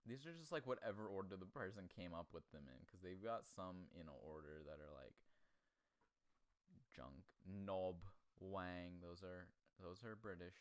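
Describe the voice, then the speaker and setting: A man's voice: low-pitched, unhurried, clear, resonant tone, no echo. A man hosting a casual comedy chat, crude and rambling, often laughing. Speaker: podcast host.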